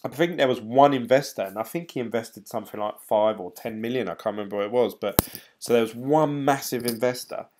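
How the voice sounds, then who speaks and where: A man talks through his thoughts on a casual live stream, rambling and loose, with plenty of fillers. His voice sits at an ordinary pitch for a man, and his delivery is chatty and unpolished. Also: fairly quick, noisy background. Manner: rambling, chatty, laughs often. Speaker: crypto vlogger reading live chat.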